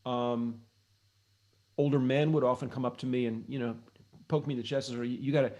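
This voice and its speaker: A man's voice: medium pitch, steady tone, moderate pace, a little mellow, highs cut off. A middle-aged man from the United States, a guest on an interview show, telling long reflective stories with many restarts. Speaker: interview guest, blues harmonica player and author. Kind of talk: casual interview storytelling.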